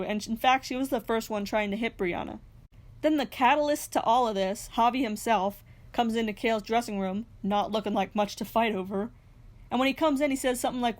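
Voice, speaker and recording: A young woman narrating a reality TV recap in a scripted way, with sarcastic, snarky asides. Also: on the high side. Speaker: recap host.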